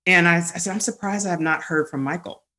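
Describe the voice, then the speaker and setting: Bright-voiced woman telling stories animatedly. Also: fairly low pitch, quick pace. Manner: animated, laughs often, many fillers and restarts. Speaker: guest. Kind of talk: candid conversational storytelling.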